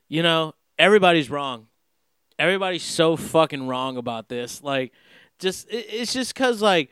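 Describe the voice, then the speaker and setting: A man's voice: on the high side, fairly bright tone, clear, resonant tone, no echo, clean studio sound. A young man from the Los Angeles area talking in a casual, rambling monologue, profane and full of fillers and restarts. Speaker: podcast host.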